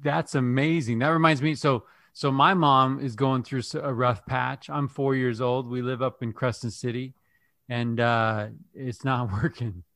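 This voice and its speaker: A man in the middle of the usual pitch range co-hosts a casual interview podcast. He tells stories upbeat and quick to laugh. The recording is dry and close. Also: steady tone, fairly bright tone, no echo. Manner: storytelling, upbeat, laughs easily. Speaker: podcast co-host.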